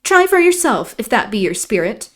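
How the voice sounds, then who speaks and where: A woman reading aloud, voicing a proud, sharp-tongued young lady of the house in a raised, emphatic voice. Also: on the high side, expressive, normal speed, pitched above the performer's own voice, natural voice. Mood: scornful. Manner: scornful, emphatic.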